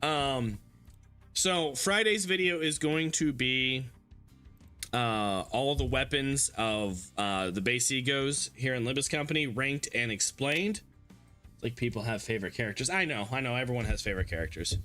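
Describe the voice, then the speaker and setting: A man's voice: medium pitch, moderate pace, pushed and bright, soft background music. A man hosting a gaming video, chatting casually and crudely with a co-host and laughing often. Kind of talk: casual game commentary with a co-host.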